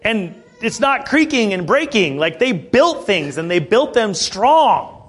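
A man preaching a sermon in a conversational, animated way, with frequent asides to the congregation. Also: sits high, slow pace, breathy edge. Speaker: pastor.

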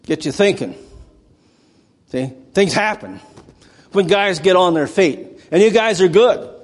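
A man's voice: high voice, animated, measured pace, long reverb tail. A male preacher giving a sermon, telling stories conversationally and rising into dramatic outbursts. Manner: conversational storytelling with dramatic bursts.

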